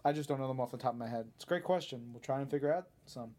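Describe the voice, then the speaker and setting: A chatty podcast host who works through listener tweets in a loose, joking way and laughs easily between answers. The voice sits at a middling pitch and is recorded close on a studio microphone. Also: rapid-fire, mellow. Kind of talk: casual podcast chat reading listener tweets.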